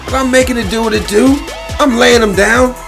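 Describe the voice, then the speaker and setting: A man giving energetic, boastful gameplay commentary full of slang and frequent laughs. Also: very high-pitched, a little fast, creaky. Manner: boastful, hype, slang-heavy, laughs often. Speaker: gaming YouTuber. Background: faint background music.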